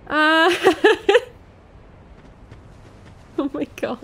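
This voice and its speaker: A woman doing excitable, jumpy commentary while playing a game. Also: high-pitched, extremely slow. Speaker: gaming streamer. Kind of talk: let's play commentary.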